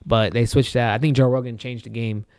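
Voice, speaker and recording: A man's voice: medium pitch, fairly even intonation, a little fast, darkish tone, clear, resonant tone, no room sound, studio quality. A young man co-hosting a podcast in casual chat, loose and rambling, swearing and laughing often. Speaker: podcast co-host.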